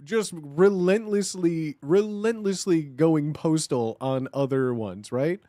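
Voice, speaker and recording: A man streaming casual reaction commentary, excitable and slangy, often repeating himself. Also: fairly high pitch, takes it slowly, no echo.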